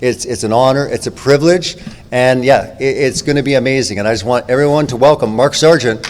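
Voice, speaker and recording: A man's voice: medium pitch, fairly quick, noisy background. Man introducing a speaker in a hall. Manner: enthusiastic, effusive praise. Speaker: conference presenter. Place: large conference room. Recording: reverberant hall with crowd.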